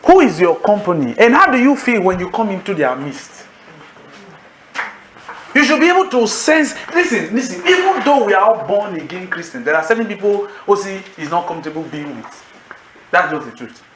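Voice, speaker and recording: Animated high-voiced man preaching in an echoey hall. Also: normal speed, slight background noise. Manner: animated, calls for congregation responses. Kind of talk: sermon.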